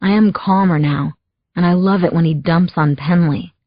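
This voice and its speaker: Husky woman reading a thriller audiobook. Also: on the low side, dry recording. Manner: measured, wry inner monologue. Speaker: audiobook narrator. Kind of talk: first-person thriller audiobook narration. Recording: dull lo-fi dry audio.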